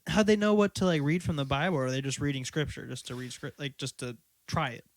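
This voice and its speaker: A man hosting a podcast in a relaxed way, asking follow-up questions. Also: on the high side, quick pace, dry recording. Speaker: podcast host. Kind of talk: casual interview chat.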